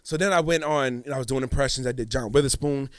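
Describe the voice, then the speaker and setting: A man's voice: mid-range voice, fast, dry recording. Man telling stories in a dry, close room. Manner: animated storytelling, slips into voices. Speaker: podcast guest, impressionist. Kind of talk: casual podcast chat.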